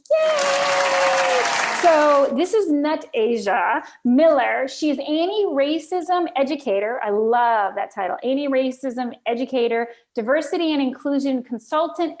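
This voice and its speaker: A woman's voice: high voice, darkish tone. An exuberant woman from the Florida Keys hosting a podcast interview, talking in an exclamatory, enthusiastic way. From United States (Florida Keys). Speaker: podcast host.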